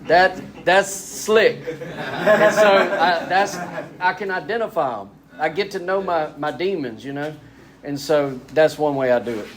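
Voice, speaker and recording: A man speaking candidly at a spiritual retreat, animated and self-deprecating, acting out quotes as he tells his story. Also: fairly high pitch, normal speed, a crowd in the background.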